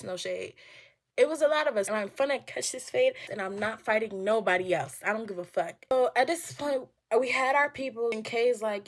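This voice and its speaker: A woman in her twenties telling a storytime in a casual, profane, animated way, acting out what others said. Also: on the high side, normal speed, faint music behind. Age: 20s. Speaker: storytime vlogger.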